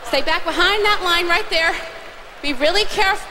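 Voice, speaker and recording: A woman's voice: very high-pitched, normal speed. A woman singer on stage at a live church concert, cheerfully coaching children through song actions over a stage microphone. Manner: cheerful, coaxing, directing children. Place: large church auditorium. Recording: long hall reverb, faint audience noise.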